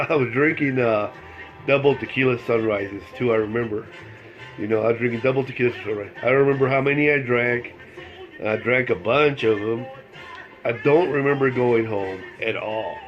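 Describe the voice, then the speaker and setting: A man's voice: mid-range voice, lo-fi sound. An older man telling a rambling personal story in casual, plain speech, repeating phrases and cursing freely. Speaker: vlogger telling life stories.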